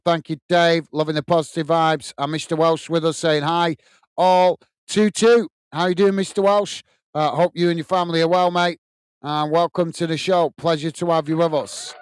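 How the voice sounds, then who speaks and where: A man from the UK hosting a live football watch-along, calling the play and warmly greeting viewers by reading their chat messages aloud. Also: fairly high pitch, clean tone, dry recording. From United Kingdom. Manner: friendly, reads viewer comments aloud and greets them.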